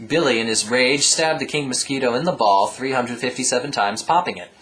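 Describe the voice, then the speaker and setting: A man reading a comic storybook aloud with deadpan ad-libbed asides. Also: mid-range voice, a little fast, poor audio. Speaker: reader.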